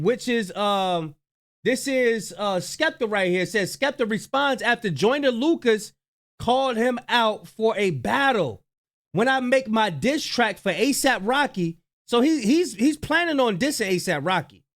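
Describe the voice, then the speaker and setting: A man talks high in his range and swings his pitch around constantly. He riffs on the news in a slangy, trash-talking way as a reaction host. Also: animated, normal speed. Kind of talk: casual reaction commentary.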